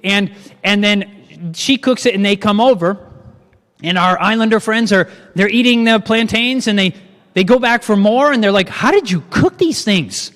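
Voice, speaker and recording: A high-voiced man leads a live cooking class at a normal pace, lively and constantly asking his audience questions. His voice rings with long reverb, as though in a church hall.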